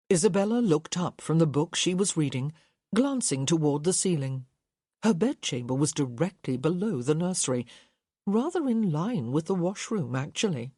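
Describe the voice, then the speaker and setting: A woman reading a novel aloud in slow, measured audiobook narration. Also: deep voice, big pitch swings, dark tone, no room sound, clean studio sound. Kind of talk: scripted narration.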